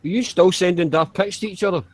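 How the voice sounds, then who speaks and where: A Yorkshire man in his forties bantering over voice chat, with a slightly higher voice than most men. He swears freely and keeps the talk jokey and casual. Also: a little fast. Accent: Yorkshire English. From Yorkshire, England.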